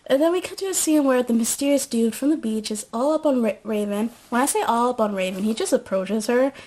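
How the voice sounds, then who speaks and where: A woman's voice: on the high side, animated, fast, a little mellow. A young woman casually recapping a TV show at home, rambling and joking with lots of fillers.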